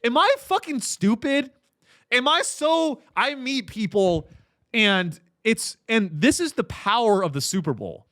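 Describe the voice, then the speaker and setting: A man's voice: extremely high pitch, expressive, measured pace, a bit bright, dry recording. A man hosting a comedy podcast, delivering a profane, ironic, rambling rant with many restarts into a close mic. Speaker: podcast host.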